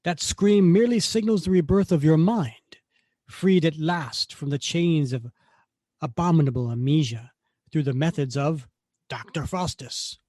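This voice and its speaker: A man voicing a scheming male villain doctor in a smooth, condescending tone while reading a comic aloud. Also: on the high side, measured pace, darkish tone, no echo, studio quality. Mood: silkily menacing.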